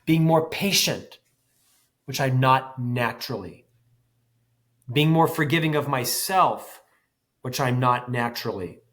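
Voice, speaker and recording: A man's voice: mid-range voice, expressive, measured pace, pauses often, a bit bright. A man in his fifties, a podcast guest, talking intensely and animatedly with self-deprecating humor. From United States. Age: 50s. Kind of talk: podcast interview.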